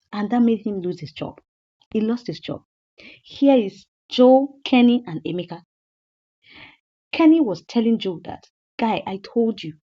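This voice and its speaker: A woman's voice: fairly high pitch, highs cut off. A woman, casually recapping a movie episode in a chatty way, repeating points and asking rhetorical questions.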